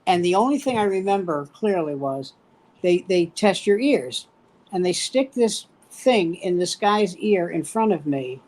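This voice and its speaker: A man's voice: high voice, lively intonation, a little slow, a little mellow, poor audio. A man in his seventies, a stand-up comic, telling stories in casual chat and acting out the voices of people he quotes. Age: 70s.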